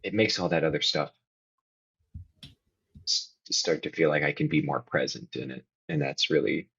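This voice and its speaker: Speaking as a guest on a podcast, a man shares candidly and reflectively, now and then breaking into emphatic bursts in this confessional talk. His extremely low voice is fairly bright yet slightly rough, with vocal fry at a moderate pace, captured in dull audio.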